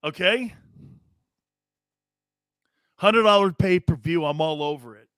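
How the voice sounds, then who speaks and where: Brash, high-voiced sports talk host. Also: male voice, takes it slowly, smooth, no echo. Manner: brash, loud and joking, laughs often. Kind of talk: sports talk show commentary, reading viewer comments.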